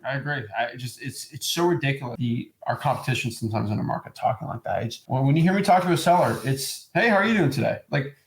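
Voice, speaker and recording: A man hosting a casual talk about real estate, animated and acting out sales pitches in mock voices. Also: fast, few pauses. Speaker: host. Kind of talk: casual chat. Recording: roomy echo.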